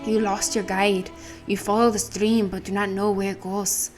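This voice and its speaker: Cryptic female seer, a woman doing it in an Irish accent, solemn prophecies at a mid pitch over game music. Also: level tone, moderate pace, close to an everyday voice. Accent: put-on Irish. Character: cryptic female fortune teller, solemn, riddling. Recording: game music playing behind.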